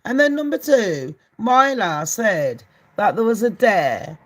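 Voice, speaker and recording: A woman's voice: medium pitch, very animated, slow, fairly bright tone. A brash woman chats through celebrity gossip for her channel. She swears freely and laughs often, with a loose, casual delivery.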